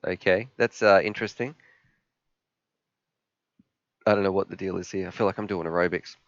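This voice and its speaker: A man in his thirties hosting a live stream Q&A, chatting and telling rambling, animated stories. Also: low voice, fast talker, no echo, lo-fi sound. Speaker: host.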